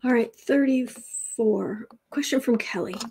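Woman, tarot reader, chatty livestream delivery, very slow and drawn-out, with soft half-whispered asides. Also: a little high, gravelly, a little hiss or hum. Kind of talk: livestreamed tarot reading, casual chat.

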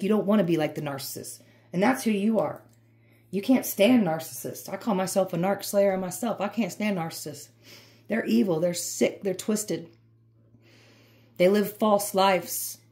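A woman's voice: mid-range voice, a little mellow. A woman giving an emphatic, repetitive, fired-up tarot reading. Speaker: tarot reader.

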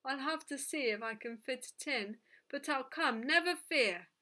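A tired man perks up and promises eagerly in a raised, bright voice, played by a woman reading a storybook. His tone stays reassuring and forceful. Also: sits high, normal speed, voice pushed up. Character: weary, cheered-up adult man making promises.

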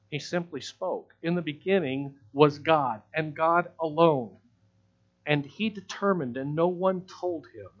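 Pastor preaching with rising emphasis. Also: male voice, a little high, lo-fi sound. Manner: emphatic preaching, builds from quiet to loud and slow; repeats words for emphasis. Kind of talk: sermon. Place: church sanctuary.

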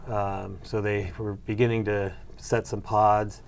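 A man's voice: lowish voice, level tone, slow pace, vocal fry, clean tone. A middle-aged man answering interview questions about his research, hesitant with many fillers and restarts. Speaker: soybean breeder and agronomy professor.

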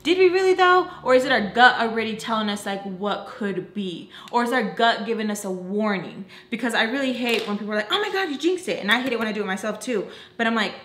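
A woman's voice: medium pitch, fast talker, few pauses, a bit bright, a little hiss or hum. A young woman vlogger telling a casual story, frank and profane, with lots of fillers. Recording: roomy echo.

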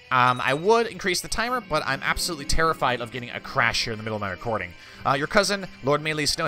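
A man's voice: fairly high pitch, pushed and bright. A man hosting a let's play, reading game text aloud in a mock-regal tone between wry, offhand asides. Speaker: gaming channel host.

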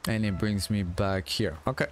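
A man's voice: on the low side, fairly even intonation, normal speed. A sleepy, yawning man streaming a game, rambling to himself in casual gameplay commentary. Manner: rambling, talks to himself while playing. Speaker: gaming streamer.

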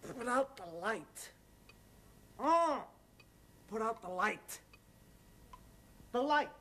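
A woman's voice: fairly high pitch, lively intonation, very slow, a bit bright, exaggerated voice. A woman playing a sleepy, put-upon married man who mutters complaints to himself and slips into Spanish. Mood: grumbling. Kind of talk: sitcom sketch acting.

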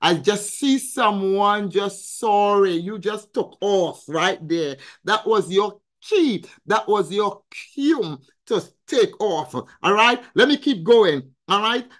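Slow, emphatic woman coach preaching. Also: medium pitch, lively intonation, a bit bright. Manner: emphatic and preacherly, repeating phrases and calling out to viewers; reads viewer comments and answers the chat. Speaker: financial coach hosting a weekly live. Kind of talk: motivational live-stream talk.

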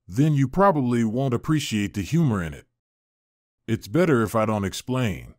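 A man's voice: mid-range voice, big pitch swings, normal speed, dry recording, clean studio sound, lightly acted. A man voicing a nervous, awkward young man.

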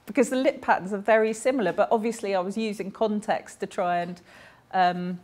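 A woman's voice: mid-range voice, a little fast, darkish tone. A woman, voicing a deaf speaker's personal stories aloud in a chatty, anecdotal way, with small self-corrections along the way.

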